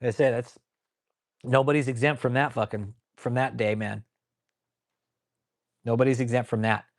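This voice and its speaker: A man's voice: medium pitch, fairly even intonation, normal speed. A man hosting a casual commentary stream, talking bluntly and profanely in a rambling way and answering viewers by name. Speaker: channel host.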